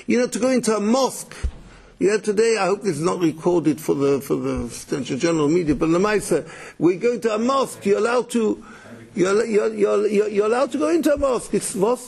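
A man's voice: high-pitched, lively intonation, brisk, gravelly, darkish tone, breathy edge. A man giving a Torah lecture, mixing Yiddish and Hebrew terms, often repeating words and restarting. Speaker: Torah teacher.

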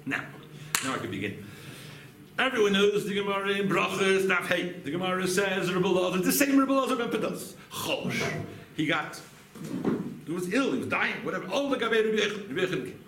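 Animated rabbi in an echoey room. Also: male voice, high voice, brisk. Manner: animated, asks rhetorical questions, checks in with "right?". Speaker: rabbi teaching a class. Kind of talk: Talmud lesson. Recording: echoey room with faint background noise.

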